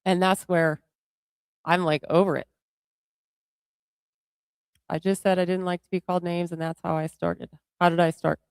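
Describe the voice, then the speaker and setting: A woman's voice: lowish voice, flat delivery, normal speed, vocal fry, pauses often, darkish tone, clean tone, dry recording. Woman, livestream co-host, blunt, defiant, casual chat, dry sound.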